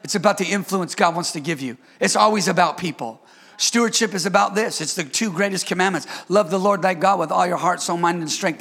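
Male preacher, high gravelly voice, call-and-response sermon, playful asides. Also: a bit bright. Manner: playful, joking with the congregation.

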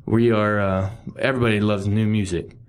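A middle-aged man with a somewhat low voice runs a casual music news chat. He rambles, stumbles over his words and fixes them with easygoing jokes as he goes. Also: level tone, brisk, clear, resonant tone. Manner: rambling, self-correcting, jokey asides. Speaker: podcast host.

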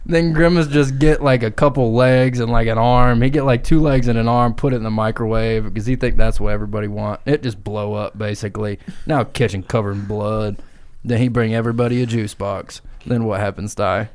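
A man's voice: mid-range voice, fairly even intonation, fairly quick, a little mellow, clear, resonant tone. A man on a comedy podcast improvising a crude absurd story, laughing and throwing in silly noises. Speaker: podcast co-host.

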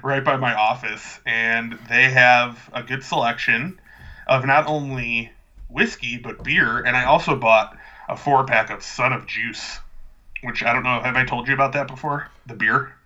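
Man, podcast co-host, very bright voice, chatty, rambling, dry humor, slightly muffled. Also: mid-range voice, steady tone, measured pace. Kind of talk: casual chat.

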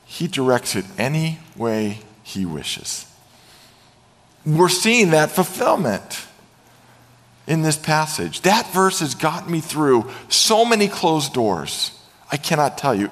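A middle-aged man preaching a sermon as a pastor, telling stories with lively animation and acting out quoted voices. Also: fairly high pitch, slow pace, long reverb tail.

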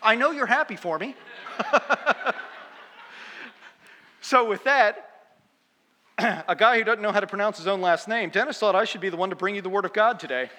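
A man in his fifties preaching with a bright, forceful voice that sits a little high. He tells stories in a chatty, self-deprecating way and laughs at his own jokes. The sound carries the long reverb of a church hall. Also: moderate pace, long pauses. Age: 50s. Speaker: guest preacher. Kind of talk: humorous storytelling sermon.

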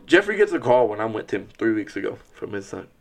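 A man chatting casually, telling a story with lively acted-out quotes. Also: lowish voice, quick pace, gravelly. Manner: animated storyteller who acts out quotes. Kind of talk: casual chat.

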